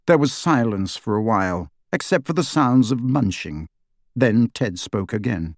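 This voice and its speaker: Lively audiobook reader; dry, close recording. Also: mid-range voice, unhurried, no room sound. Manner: expressive storytelling. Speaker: audiobook narrator. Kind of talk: scripted narration.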